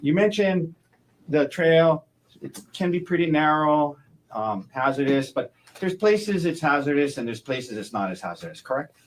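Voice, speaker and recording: A man as a defense attorney cross-examining a witness in court, halting and repeating words, closing each point with a leading question. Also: fairly high pitch, sing-song, a little hiss or hum, low-quality recording.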